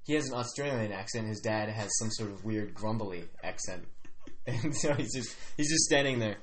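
A man narrating as game master in a tabletop game, with quick joking asides. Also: on the low side.

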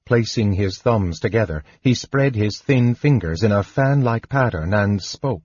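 Casting: male narrator, low husky voice, lively delivery, dull lo-fi sound. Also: unhurried, no echo. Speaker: audiobook narrator. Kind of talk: scripted narration.

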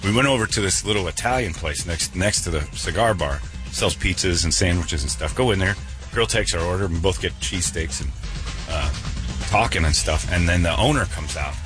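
A man's voice: deep voice, brisk, music in the background. A middle-aged man hosting a radio show, telling a rambling, self-mocking story in a casual joking way.

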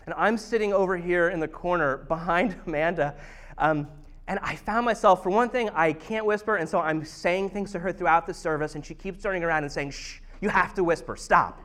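Male pastor, 30s, higher-pitched, relaxed storytelling sermon with self-deprecating humor. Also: fairly quick. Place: church service.

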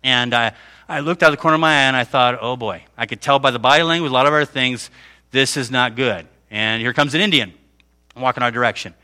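A man's voice: medium pitch, fast talker, bright, forceful tone, smooth. A middle-aged man preaching a conversational sermon, often checking in with his listeners. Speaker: pastor.

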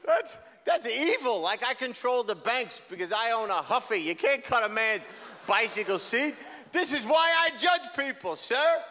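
A young adult man doing an energetic, rambling stand-up comedy set on a theater stage, acting out the people in his stories. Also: very high-pitched, normal speed, hardly any pauses, big-room sound. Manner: energetic, rambling, acts out quoted characters.

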